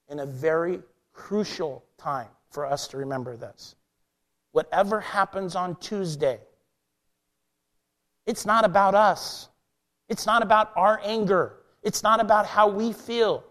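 A male pastor preaching a passionate sermon, swinging between loud emphatic lines and quiet, low ones.

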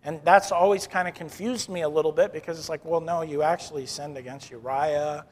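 A man preaching a sermon in an earnest way, drawing out key words slowly. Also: on the high side, fairly even intonation, in a large hall. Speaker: pastor.

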